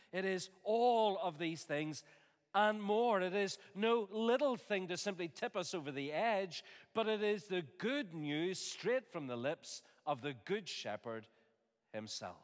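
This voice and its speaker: A man preaching a sermon in an earnest, measured way, with homely asides. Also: a little high. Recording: long reverb of a large hall.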